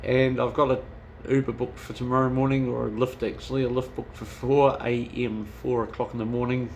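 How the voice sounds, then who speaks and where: A man's voice: medium pitch, flat delivery, a little fast, a little hiss or hum. Rambling, sweary man. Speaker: travel vlogger. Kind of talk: casual chat.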